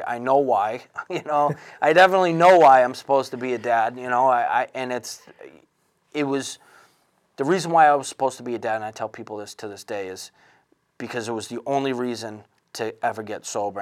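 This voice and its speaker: A man in his thirties telling his own recovery story in an earnest, halting way, with frequent restarts and fillers. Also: mid-range voice. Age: 30s. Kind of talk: candid personal testimony.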